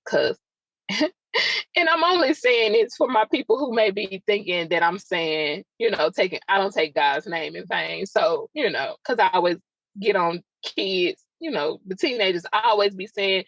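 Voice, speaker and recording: A woman hosts a podcast and tells a personal story in a raw, emotional, confiding way, often turning to chat directly with her listeners. Her voice sits at a middle pitch for a woman. The recording is dull and lo-fi, with a dry sound and no room echo. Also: expressive, moderate pace, a bit bright. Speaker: podcast host.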